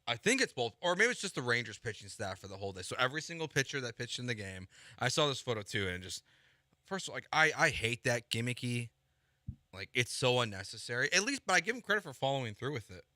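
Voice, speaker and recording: A man's voice: medium pitch, big pitch swings, fast talker, pushed and bright, dry recording, clean studio sound. A man co-hosting a sports radio show, chatting casually in a musing way about baseball. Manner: conversational, musing, trailing off.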